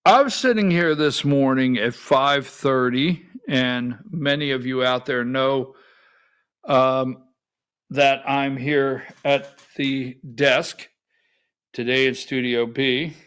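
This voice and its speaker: A man's voice: medium pitch, slow, a bit bright, clean tone. A middle-aged man hosting a political talk radio show from a studio, folksy and calling on his producer for clips.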